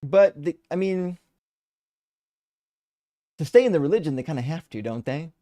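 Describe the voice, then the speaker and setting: A man's voice: on the high side, animated, moderate pace, mellow. A man hosting a live debate stream, chatting casually and reading out viewer comments, rambling with lots of restarts and casual swearing.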